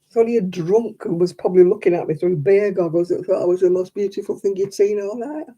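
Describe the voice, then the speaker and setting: Husky and warm, her mid-range voice moves briskly. She's an older woman hosting a crafting livestream, a chatty storyteller who laughs a lot between anecdotes.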